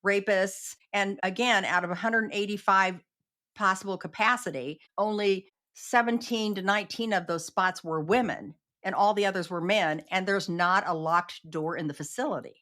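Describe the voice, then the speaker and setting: A woman's voice: mid-range voice, normal speed, a bit bright. A woman guest on an interview podcast telling a personal story earnestly and acting out the quoted exchanges.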